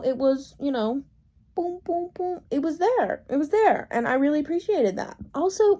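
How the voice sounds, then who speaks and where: A woman's voice: high voice, mellow. A woman book vlogger chatting casually at home about her reading, gushing and full of fillers and restarts.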